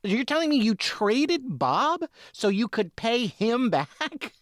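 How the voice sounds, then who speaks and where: Animated man bantering on a dry mic. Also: very high-pitched, takes it slowly, dry recording. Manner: exasperated, rambling banter. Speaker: podcast co-host. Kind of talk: comedic podcast chat.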